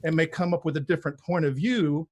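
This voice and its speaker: A man's voice: on the high side, steady tone, fast, a little mellow. A personal trainer in his forties speaking as a podcast guest, emphatic and preachy, often repeating words as he builds a point. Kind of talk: conversational interview.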